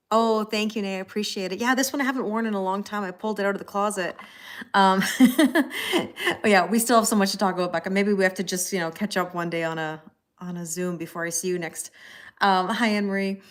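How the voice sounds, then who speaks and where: A woman's voice: fairly low pitch, a bit bright. A woman in her forties, a tarot reader hosting a livestream, chatting casually with viewers and telling rambling stories full of fillers. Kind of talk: casual chat greeting live viewers.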